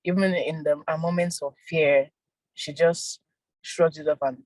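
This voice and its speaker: A young woman, an actress and filmmaker, giving soft-spoken casual interview answers with frequent laughs. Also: deep voice, steady tone, unhurried, no room sound, low-quality recording. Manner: soft-spoken, laughs often, repeats words.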